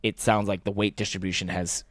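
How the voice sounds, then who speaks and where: A man co-hosting a motorsport podcast in casual chat, rambling and thinking aloud, growing animated when he rants. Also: on the low side, fairly quick, no echo, clean studio sound. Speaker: podcast co-host.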